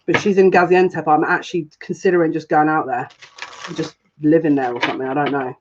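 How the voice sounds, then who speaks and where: A woman's voice: deep voice, steady tone, fast talker, noisy background. Chatty giggly woman, lo-fi sound. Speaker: psychic reader. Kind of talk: casual live tarot reading. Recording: dull lo-fi sound.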